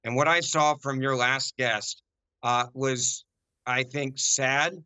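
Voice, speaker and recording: An American man arguing forcefully as a guest on a political debate show, emphatic and repeating his key points. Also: medium pitch, steady tone, takes it slowly, smooth, no echo. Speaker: panel guest.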